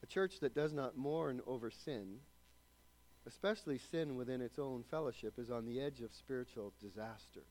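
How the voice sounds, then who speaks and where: A man preaching a sermon, swinging from loud, raised emphasis down to quiet, hushed passages. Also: medium pitch, moderate pace. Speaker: pastor.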